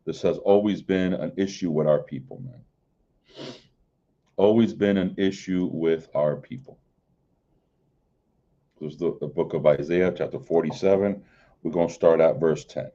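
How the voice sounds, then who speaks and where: A man preaching an informal livestream sermon, repeating "man" and "right?" between phrases and reading scripture in a drawn-out way. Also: sits low, dark tone, lo-fi sound. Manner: repeats "man" and "right?", stammers and restarts, slow KJV reading. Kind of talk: informal street-style sermon.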